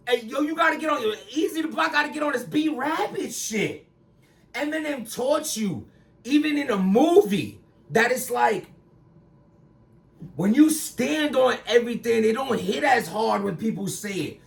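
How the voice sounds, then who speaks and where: A battle rapper talking in a rambling casual commentary, bursting into loud emphatic lines. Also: male voice, extremely high pitch, lively intonation, measured pace, creaky, far from the mic.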